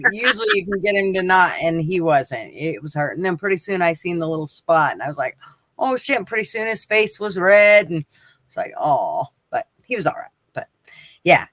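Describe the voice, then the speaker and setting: A woman's voice: on the low side, fairly bright tone, no room sound. A woman hosting a casual live-stream chat, telling rambling stories and swearing freely. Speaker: host.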